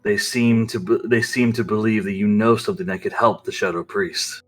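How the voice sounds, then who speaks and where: A man's voice: lowish voice, steady tone, normal speed, soft background music, close to an everyday voice. A man voicing a stern male prison guard who speaks formally.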